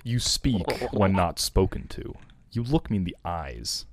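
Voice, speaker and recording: Low-voiced man reading aloud with friends. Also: big pitch swings, measured pace, no room sound. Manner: joking, laughs between lines. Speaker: fan dub reader voicing Knuckles and narration. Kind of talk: casual group reading of a fan fiction.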